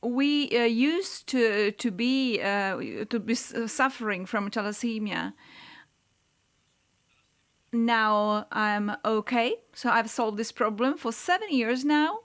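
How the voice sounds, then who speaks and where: A woman giving a simultaneous interpretation in the first person, slow and halting. Her voice is smooth and clear, and fillers break up her sentences. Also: a little high. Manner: hesitant, halting, many fillers.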